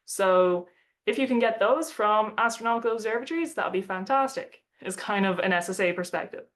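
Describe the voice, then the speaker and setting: A woman's voice: medium pitch, a little fast, fairly bright tone. A young woman giving a casual talk about her work, telling a story in a chatty way with lots of "like" and short laughs, switching into playful voices to quote others.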